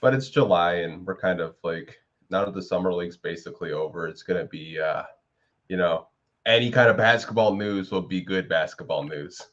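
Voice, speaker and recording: A man with a very low voice talks in a loose, rambling way, packing his sentences with "like" and "you know". He sounds like a co-host on a casual sports podcast. The audio is a bit dull and lo-fi. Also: normal speed, a bit bright.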